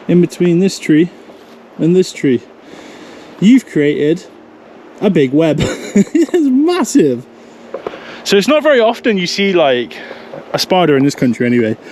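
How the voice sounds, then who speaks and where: A young man filming a wildlife vlog outdoors in a forest, chatty, jokey and excitable, recorded on a handheld camera mic. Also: a little high, a little hiss or hum. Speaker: wildlife vlogger. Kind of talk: casual outdoor vlog talk. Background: faint outdoor ambience.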